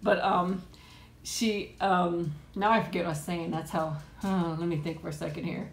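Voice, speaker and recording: A woman's voice: fairly low pitch, steady tone, normal speed, echoey room. A middle-aged woman hosting a casual live chat from home on a tablet, laughing often and cooing at her pet. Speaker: live stream host.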